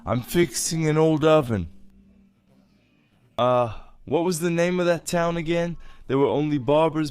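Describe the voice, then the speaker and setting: A man's voice: a little high, measured pace, darkish tone, clear, resonant tone. Chatty male travel vlogger outdoors. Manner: chatty, rambling, repeats words. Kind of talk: casual vlog chat while walking. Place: outdoors on hilly city streets.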